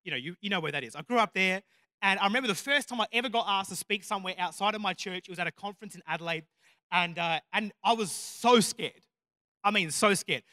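A man's voice: high voice, fast, pushed and bright, no echo, studio quality. Man, preacher, sermon, self-deprecating stories, emphatic repeated lines, tense edgy voice. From Australia.

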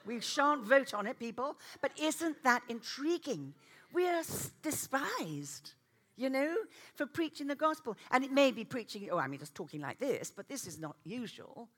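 A middle-aged woman preaching a sermon, animated and self-mocking, often laughing as she tells stories. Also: high-pitched, moderate pace.

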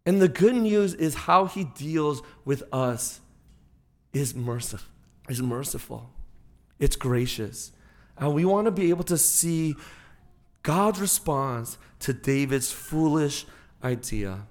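A man preaching a sermon as pastor, swinging between loud emphatic peaks and quiet, slowed-down drops. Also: on the high side, lively intonation.

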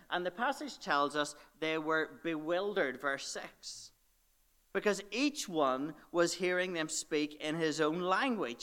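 A man's voice: a little high, pushed and bright. A young man preaching a sermon, earnest and explanatory, dropping his voice for emphasis.

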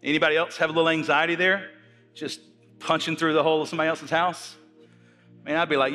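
A man's voice: fairly high pitch, fast, sharp tone, big-room sound, faint music behind. A man preaching to his congregation, often repeating his words and asking the audience questions. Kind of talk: sermon.

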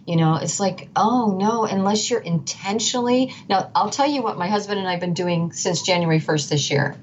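A woman's voice: medium pitch, moderate pace. A middle-aged woman, a guest, telling her story earnestly and emphatically, often restarting and repeating phrases. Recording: dull lo-fi sound with faint noise.

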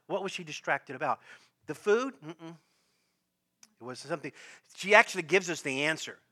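A man's voice: medium pitch, pushed and bright. A man preaching a sermon, acting out quoted voices and often laughing as he speaks. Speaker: pastor.

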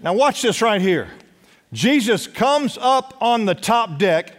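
A man preaching a sermon as pastor, urging his congregation to respond and dropping at times to a hush. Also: high voice, big pitch swings, slow pace. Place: church sanctuary. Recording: long church hall reverb.

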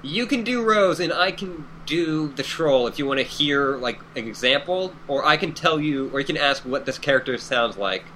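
Guy co-hosting, kinda hesitant, explains stuff, bright voice. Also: on the high side, expressive, normal speed, hardly any pauses, slight background noise, poor audio. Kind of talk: casual chat about a read-through.

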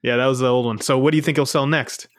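A man's voice: medium pitch, fairly even intonation, rapid-fire, no room sound, studio quality. A man co-hosting a casual podcast, asking curious questions and bringing up news items. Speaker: podcast co-host.

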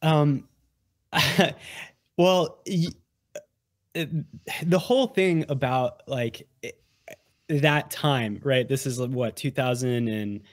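A man's voice: mid-range voice, very slow, long pauses, dry recording, clean studio sound. A man as a podcast guest, chatting casually and rambling with many fillers and restarts. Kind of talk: casual chat.

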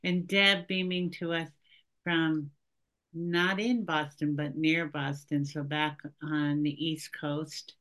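Bright-voiced, playful woman co-host. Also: sits low, level tone, slow. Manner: chatty and playful, with frequent laughs. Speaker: podcast co-host. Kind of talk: casual podcast chat.

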